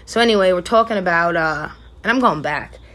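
A young adult woman hosting a podcast, telling candid, profane stories in a casual monologue and often breaking into loud laughter. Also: lowish voice, fairly quick. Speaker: podcast host.

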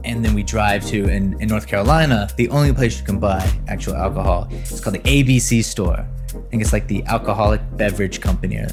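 Animated man telling a story. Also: lowish voice, over music. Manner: animated storyteller, quick to laugh, mimics voices. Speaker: podcast host. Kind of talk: casual storytelling chat.

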